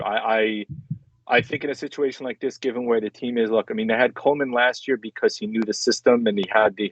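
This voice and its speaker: A man's voice: medium pitch, no room sound. A man co-hosting a sports talk show, talking it through conversationally with lots of "I mean" and "look" and some teasing. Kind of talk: casual sports debate. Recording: slightly dull lo-fi sound.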